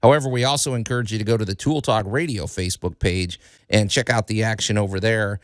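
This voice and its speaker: A man's voice: fairly low pitch, fast, no echo. A man co-hosting a radio show from a studio, chatting casually and joking, often laughing. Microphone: studio microphone.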